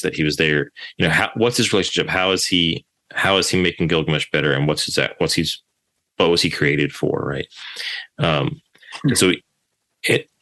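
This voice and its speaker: A man's voice: a bass voice, sharp tone. A man co-hosting a podcast, discussing a book in a casual, hesitant way with frequent restarts. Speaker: podcast co-host.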